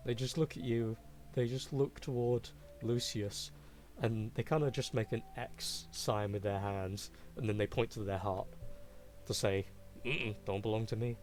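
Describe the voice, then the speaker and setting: A man's voice: on the low side, fairly even intonation, a little slow, a little mellow, soft background music. A man narrating a tabletop game as game master in a loose, casual way.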